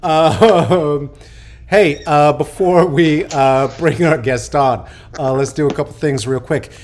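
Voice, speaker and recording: A man's voice: on the high side, takes it slowly, a little mellow. Rambling, joking man hosting a podcast. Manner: rambling, joking, many filler "uh"s and restarts. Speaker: podcast host. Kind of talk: casual unscripted podcast talk.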